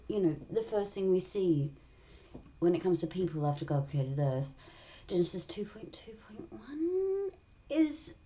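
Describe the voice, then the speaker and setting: A woman's voice: mid-range voice, dark tone. A woman in a rambling, tangential casual monologue, often dropping into whispered asides.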